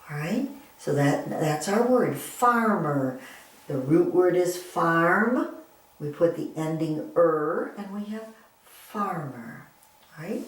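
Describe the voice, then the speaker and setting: A woman's voice: sits low, darkish tone. A middle-aged woman teaching young children to read in a patient, encouraging phonics lesson, repeating words and checking in with "all right?". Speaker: reading teacher. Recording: very echoey room, mic at a distance.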